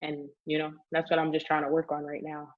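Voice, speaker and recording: A woman teacher talking casually on a podcast, telling animated stories full of "like" and laughter. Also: low-pitched, brisk, phone-quality sound. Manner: animated storytelling, frequent "like", laughs often. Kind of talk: casual conversation.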